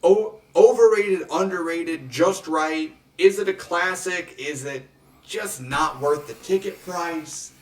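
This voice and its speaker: A man co-hosting a casual movie review podcast, joking and animated with playful rants. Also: on the high side, slow, distant mic. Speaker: podcast co-host. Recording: echoey room, off-mic.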